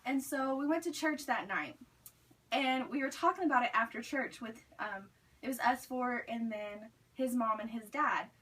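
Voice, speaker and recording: A woman's voice: fairly high pitch, normal speed, fairly bright tone, a little hiss or hum. A young woman telling a story in a chatty way, filling her sentences with "like". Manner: chatty, many "like" fillers. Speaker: student speaker. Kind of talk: storytelling speech. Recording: recorded from a distance.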